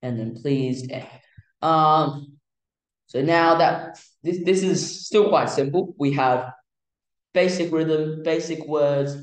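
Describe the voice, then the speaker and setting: A man teaching music theory in a casual, halting way, with many fillers and restarts. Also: fairly high pitch, echoey room, rough recording. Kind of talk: casual explanatory lesson.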